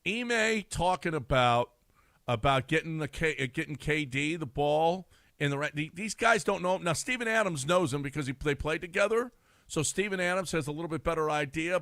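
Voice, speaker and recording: A man's voice: fairly high pitch, a little fast, fairly bright tone, no room sound, clean studio sound. Easygoing male sports radio co-host. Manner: conversational, chuckling, breaks off and restarts. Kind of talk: casual sports talk. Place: radio studio.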